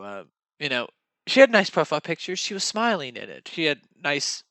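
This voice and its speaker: In this storytelling vlog, a young man rambles through his dating experiences with self-mocking humor, imitating what others told him. His voice sits at medium pitch with a sharp tone, recorded dry.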